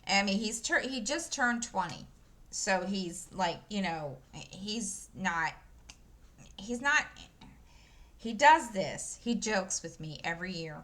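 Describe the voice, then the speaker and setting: Her mid-range voice is slow and a bit bright with lively intonation as this crafting host in her 50s chats to viewers over her stitching. She rambles with many fillers and restarts, recorded on a desk microphone.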